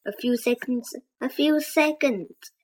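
A woman's voice: high-pitched, takes it slowly, pitched above the performer's own voice, rough recording. Woman reading as an anxious young boy. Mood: urgent. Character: young boy, cautious and worried.

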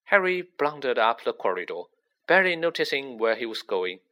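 A man narrates a storybook with expressive, measured pacing. His voice is bright and clear, and his pitch moves in a lively way through every sentence. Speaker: audiobook narrator.

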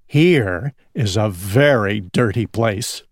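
A man voicing a small male pig who loves mud, in a high, squeaky storybook voice. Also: lively intonation, slow pace, dry recording, clean studio sound. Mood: hopeful.

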